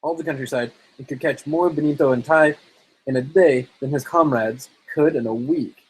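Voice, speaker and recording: A man reading fairy tales aloud in a relaxed, informal way, sometimes stumbling over words and joking between lines. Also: on the high side, moderate pace, slight background noise, low-quality recording. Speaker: storybook reader.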